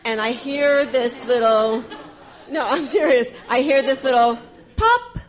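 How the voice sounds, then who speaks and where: A woman telling a personal story live on stage, animated and exaggerating for comic effect. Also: high-pitched, unhurried.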